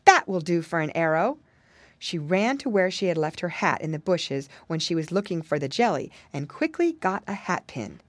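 A woman narrating a children's storybook as an audiobook, expressive and animated. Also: lowish voice, moderate pace, hardly any pauses, dry recording.

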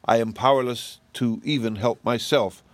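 A man reading aloud, voicing a soft, sorrowful female fairy turned into a canary. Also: mid-range voice, fairly even intonation, moderate pace, no room sound, close to an everyday voice. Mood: sad.

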